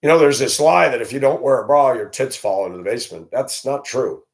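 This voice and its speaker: A man delivers a solo vlog monologue, indignant and blunt. He rants straight to camera in an average-pitched voice. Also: fairly quick. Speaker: vlogger.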